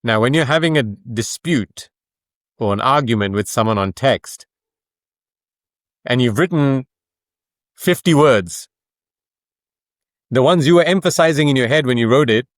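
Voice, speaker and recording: A man speaking in an interview at a middle pitch, with an explanatory, emphatic way of talking. He leans on rhetorical questions to drive his points home. The sound is dry and close. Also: animated, moderate pace, pauses often, no room sound. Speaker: author and coach, podcast guest. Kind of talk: conversational interview.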